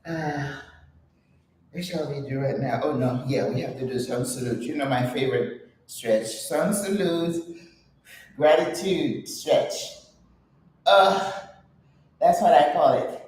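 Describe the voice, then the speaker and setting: Older woman host, slow-talking, chatty and laughing while she works out, recorded from a distance in an echoey space. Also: low voice, darkish tone, slight background noise. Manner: chatty, laughs often, breathy exertion sounds. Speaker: channel host. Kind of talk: casual vlog while exercising.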